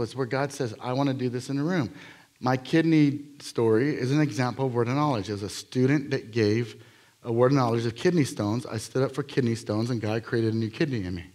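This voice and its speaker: A man preaching from a church stage, his voice sitting at a middle pitch. He tells stories in a lively, rambling way, jumping between jokes and earnest moments, with plenty of ums and restarts. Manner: energetic, jokey, rambling with frequent fillers and restarts. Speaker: guest preacher. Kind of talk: live sermon with healing testimonies. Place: church sanctuary.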